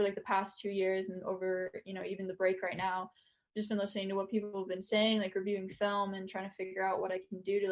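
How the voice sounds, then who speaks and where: A young woman, a college soccer captain, talking earnestly and casually as a podcast guest, with lots of filler words. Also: medium pitch. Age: young adult. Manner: earnest, chatty, many "like" fillers.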